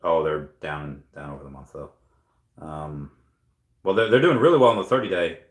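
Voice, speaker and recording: At home at night, a man with a rumbling low voice hosts a casual crypto livestream at normal speed, reading viewer comments aloud. He thinks out loud with lots of fillers, and the sound is roomy.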